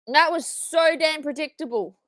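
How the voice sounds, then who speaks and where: A young woman hosting a live watchalong, reacting excitedly, swearing and yelling at the screen, then repeating her frustration. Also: high-pitched, normal speed, no echo. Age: young adult. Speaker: watchalong streamer.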